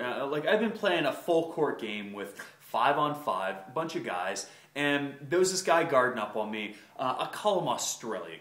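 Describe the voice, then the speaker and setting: A man's voice: a little high, a bit bright. A man hosting a video, telling a story casually and rambling with plenty of filler words. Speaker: host. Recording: echoey room.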